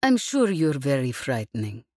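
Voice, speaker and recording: A woman reading Yesbel, a calm, menacing woman. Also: rumbling low, dry recording, clean studio sound, heavily acted. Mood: calm menace. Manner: measured, mocking calm. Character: cool, dangerous woman captive, calmly menacing. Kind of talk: audiobook character reading.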